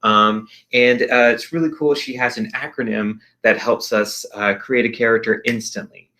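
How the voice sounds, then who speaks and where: A young man teaching an expressive arts lesson in a chatty, upbeat way, with many ums and uhs. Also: mid-range voice, normal speed. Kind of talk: casual virtual lesson.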